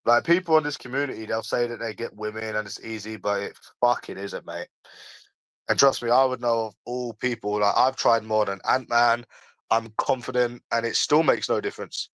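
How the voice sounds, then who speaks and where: A man's voice: mid-range voice, normal speed, a bit bright. A man in his early twenties with a London accent talks casually to his livestream audience. He argues back at the chat in a defensive, slangy way and circles back to the same points. His mid-range voice sounds dry and close to the mic, with no room echo. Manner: defensive, argumentative, slangy, repeats himself. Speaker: livestream host.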